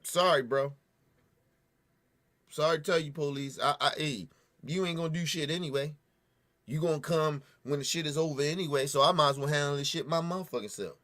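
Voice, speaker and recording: A man's voice: a little high, a little fast, a bit bright. A man hosting a show, angrily ranting and cursing as he reacts to a news clip, sniffling at times. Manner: angry, profane, ranting. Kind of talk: heated commentary.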